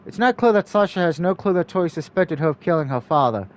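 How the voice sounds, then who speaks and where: A man narrating a story game aloud in a steady, storybook-like reading manner. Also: a little high, quick pace, hardly any pauses. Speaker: let's-play narrator.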